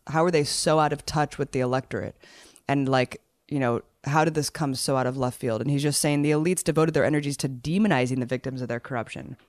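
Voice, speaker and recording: A host giving animated political commentary in casual chat. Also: female voice, very deep voice, no echo. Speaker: show host.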